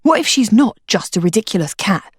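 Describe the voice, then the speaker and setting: A woman reading aloud, voicing a clever, cheeky teenage boy in a plain, calm voice. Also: medium pitch, fairly quick, husky, dry recording, studio quality. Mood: calm, wry.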